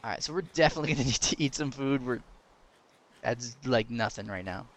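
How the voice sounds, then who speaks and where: A young man giving casual gameplay commentary, excitable, laughing and yelping when danger comes, chatting to the game's creatures. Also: medium pitch, fairly quick. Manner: excitable, yelps and laughs at danger, talks to game mobs. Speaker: gaming commentator.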